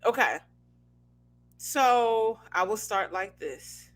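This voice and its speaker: A woman in her thirties co-hosting a relaxed podcast chat. She talks in a fairly high voice, laughs often and pokes fun at herself. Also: slow pace, soft background music. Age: 30s. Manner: laughs often, playful and self-mocking. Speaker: podcast co-host.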